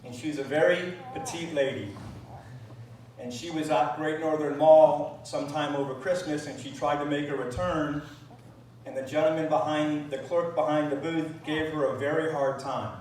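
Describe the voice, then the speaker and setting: A middle-aged man speaking at a memorial gathering, reminiscing with frequent pauses and fillers. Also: fairly high pitch, steady tone, a little mellow, slight background noise. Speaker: eulogy speaker. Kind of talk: memorial speech. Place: large room at a gathering. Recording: distant mic in echoey room.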